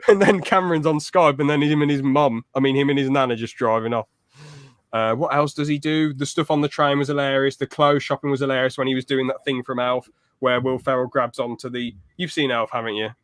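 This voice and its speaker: Chatty young podcast host. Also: male voice, mid-range voice, fairly quick, dry recording, clean studio sound. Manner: lively storyteller who acts out loud quotes. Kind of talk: casual chat.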